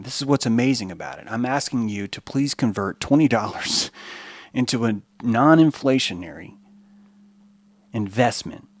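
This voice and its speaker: A man hosting a podcast, giving an animated, profane, rambling monologue. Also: medium pitch, no room sound. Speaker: podcast host.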